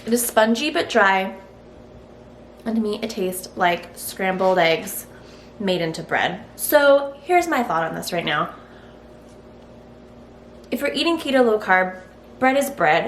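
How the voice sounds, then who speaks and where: A woman testing a recipe in her home kitchen for a cooking vlog, chatty and frank, thinking aloud as she goes. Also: medium pitch. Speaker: cooking vlogger. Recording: roomy kitchen echo, faint hiss.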